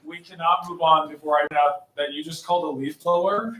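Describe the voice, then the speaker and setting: On a small coffee shop stage, a man hosts a live improv comedy night, upbeat and chatty, laughing easily as he sets up the games. His fairly high voice has a lively intonation, but he speaks slowly and leaves long pauses. The distant mic sounds roomy, with a little faint noise.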